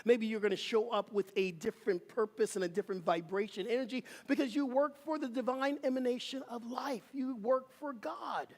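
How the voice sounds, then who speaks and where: Minister preaching in a big echoey church, middle pitch, call and response with the crowd. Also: brisk, hardly any pauses, a little mellow. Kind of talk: sermon. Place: church sanctuary.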